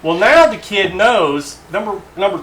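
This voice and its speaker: Bright-voiced storytelling radio host man. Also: sits high, reverberant. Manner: animated anecdotal storyteller, halting asides.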